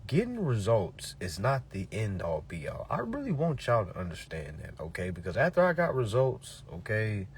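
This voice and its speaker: A man's voice: fairly low pitch, huge pitch swings, normal speed, hardly any pauses, a little hiss or hum. A man giving a preachy motivational talk to his followers, emphatic and repetitive, with blunt profanity. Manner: emphatic, repetitive, peppered with "all right?" and profanity. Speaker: motivational speaker.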